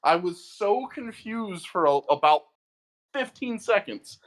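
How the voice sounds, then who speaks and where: A man's voice: high-pitched, slow. Guy co-hosting a podcast, rambling work story, voice going up and down a lot. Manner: animated storytelling, stammers at starts. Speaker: podcast co-host. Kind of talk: casual storytelling chat.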